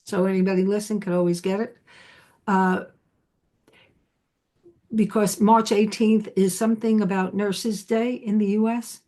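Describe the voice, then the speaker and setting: Slow-speaking woman host. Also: medium pitch, steady tone, warm tone. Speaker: podcast host. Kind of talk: conversational interview.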